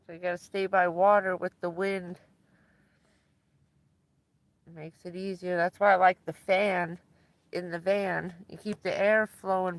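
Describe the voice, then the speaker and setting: A woman's voice: lowish voice, no echo. A woman livestreaming from inside her van, chatting casually with viewers and laughing often as she tells stories.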